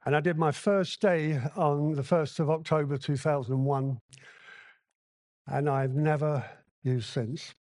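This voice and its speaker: Male convention speaker, slightly high pitch, dry close sound, candid anecdotal delivery. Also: fairly even intonation, a little slow, a little mellow, no echo. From Hong Kong. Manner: blunt, candid storytelling with acted-out dialogue. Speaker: recovery meeting speaker. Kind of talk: personal recovery share at a convention. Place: convention hall.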